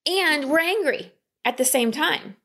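A woman coaching a client in a calm talk, often slipping into quoted inner voices. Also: high-pitched, measured pace. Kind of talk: coaching session.

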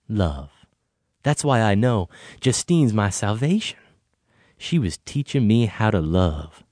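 A man playing a brooding, unhinged man in a comic movie scene reenactment, with a drawn-out, halting delivery and whispered asides. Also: lowish voice, darkish tone, no room sound, studio quality, heavily acted.

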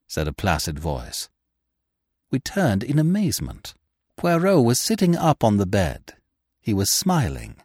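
A man narrating a classic story in an expressive, dramatic reading. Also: lowish voice, normal speed, slightly rough, dry recording, clean studio sound. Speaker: podcast narrator.

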